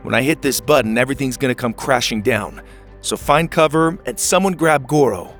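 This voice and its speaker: A man's voice: mid-range voice, a little fast, a bit bright, soft background music, pitched above the performer's own voice, close to an everyday voice. A man voicing a plain-spoken young hero.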